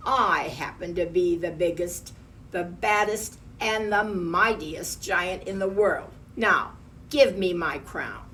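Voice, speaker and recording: A huge bully of a giant from a picture book, bellowing and boastful, as a woman acts him out. Slow delivery, heard from some distance off the mic with a faint hum. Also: fairly low pitch, a bit bright. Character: huge bullying male giant, meek to his mother.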